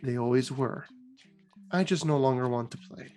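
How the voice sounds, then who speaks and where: A storyteller voicing an ancient, female cosmic horror entity, speaking slowly and quietly in a low, ominous tone. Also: faint music behind, lightly acted. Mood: ominous, hushed. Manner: slow, hushed and low.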